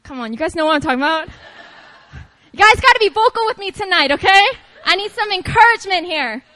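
A woman preaching at a prayer meeting, talking to the congregation in an animated, playful way and calling on them to respond. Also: extremely high pitch, fast, rough recording. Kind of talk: lively conversational sermon.

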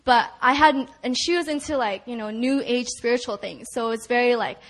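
A young woman with a high-leaning voice speaks at normal speed, giving a personal testimony at a church prayer meeting. She tells it chattily, full of "like" and "you know," and laughs often along the way.

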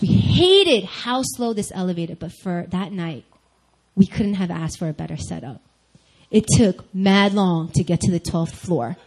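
Young woman giving a sermon, lively storyteller, keeps talking right to the crowd, mid pitch. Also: poor audio. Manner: animated storyteller, addresses listeners directly. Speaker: speaker at a church group meeting.

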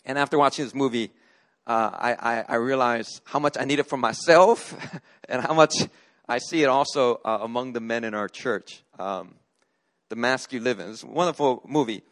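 A man's voice: medium pitch, moderate pace, fairly bright tone. A middle-aged man from Korea, a pastor preaching a sermon, telling a personal story in an earnest way with frequent restarts.

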